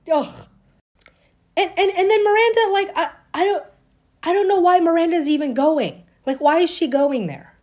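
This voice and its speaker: A middle-aged woman talking casually in an opinion vlog, emphatic and indignant, often acting out lines. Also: extremely high pitch. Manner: indignant, emphatic, animated reenactments. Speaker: TV commentary vlogger.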